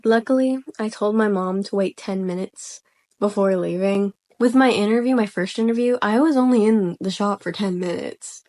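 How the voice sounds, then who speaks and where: A soft-spoken young woman casually telling a personal story, rambling and hesitant with lots of fillers. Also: mid-range voice, normal speed. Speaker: vlogger.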